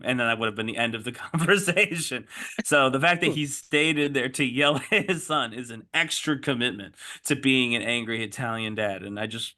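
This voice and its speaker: A man's voice: medium pitch, sharp tone. A man hosting a podcast who gives his opinions in casual chat. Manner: opinionated, chatty. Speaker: podcast host.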